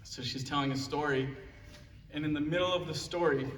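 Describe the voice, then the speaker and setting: A young man with a high, light voice tells roast stories about his father to a laughing crowd. His voice carries through a big echoey hall. It sounds as if the mic is some way off and a noisy room recording is running. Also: brisk, a bit bright, far from the mic. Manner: joking storytelling, laughing at his own lines. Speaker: son giving a roast speech. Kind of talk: roast speech at a live event. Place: large hall at a live event. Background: audience laughter.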